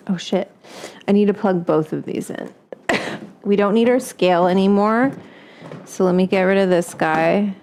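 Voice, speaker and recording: A woman's voice: medium pitch, slow pace, vocal fry, pauses often, a little mellow, slight background noise. A woman hosting a home cooking show in casual chat. She swears freely, keeps breaking into coughing fits, and baby-talks to her dog in her kitchen.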